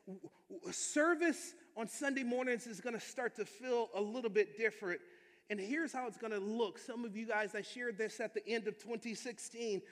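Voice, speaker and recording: A male pastor preaching a sermon with energetic, emphatic delivery and calls for amens to the congregation. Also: sits high. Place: church sanctuary. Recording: long hall reverb.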